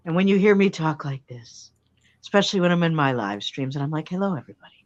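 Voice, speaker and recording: A woman's voice: sits low, brisk, highs cut off, a crowd in the background. A woman telling a playful anecdote about her mother, acting out the voices of the people in it. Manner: playful, lively storyteller who acts out voices. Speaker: guest storyteller. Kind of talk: animated anecdote.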